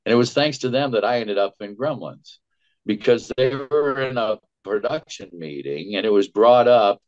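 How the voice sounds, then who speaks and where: A man, a voice actor, telling lively stories in an interview and acting out the dialogue he quotes. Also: mid-range voice, moderate pace. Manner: animated storyteller, acts out quoted dialogue. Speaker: voice actor guest. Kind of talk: storytelling interview. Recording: dull lo-fi audio.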